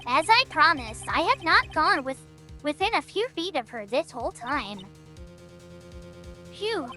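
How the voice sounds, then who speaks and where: A woman voicing a calm, formal male kidnapper who taunts over the phone in a game. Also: high-pitched, a little slow, faint music behind, exaggerated voice. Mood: taunting.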